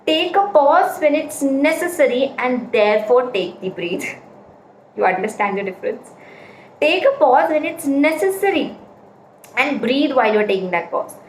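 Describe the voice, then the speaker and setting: A woman's voice: sits high, lively intonation, moderate pace. A woman giving a casual spoken lesson on public speaking, stressing her points with repeated examples. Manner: explains with repeated examples, emphatic. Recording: echoey room, faint ambient noise.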